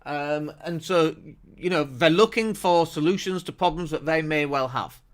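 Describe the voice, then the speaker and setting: An energetic man hosting a marketing show, speaking emphatically to a camera on his desk. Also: on the high side, moderate pace. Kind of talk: to-camera business talk.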